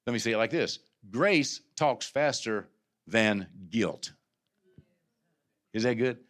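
Male pastor, sermon, bright tense voice, conversational to loud impassioned preaching, stammered restarts. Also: medium pitch, lively intonation, takes it slowly, long pauses. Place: church sanctuary.

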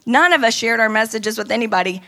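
A woman from the United States casually recounting a conference trip. Her voice sits fairly high, and she talks in an animated, chatty way, often slipping into the voices of the people she quotes. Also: fast talker, vocal fry. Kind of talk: casual storytelling.

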